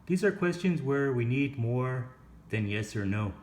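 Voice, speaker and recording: A man's voice: mid-range voice, lively intonation, unhurried. A man teaching an English lesson, explaining grammar and pronunciation step by step and asking the class questions.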